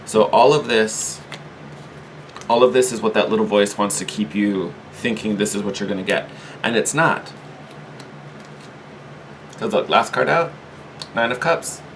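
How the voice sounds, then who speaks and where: A man giving a casual, chatty tarot reading, animated and quick to laugh, often repeating himself. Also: fairly low pitch, a little hiss or hum, low-quality recording. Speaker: tarot reader.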